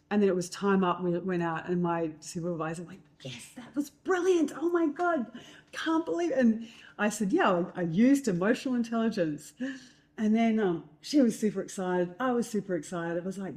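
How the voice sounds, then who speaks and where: A middle-aged Australian woman, a guest, telling lively stories in conversation and acting out what others said, with many fillers. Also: medium pitch. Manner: lively anecdotes with acted-out quotes, fillers. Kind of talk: storytelling in conversation.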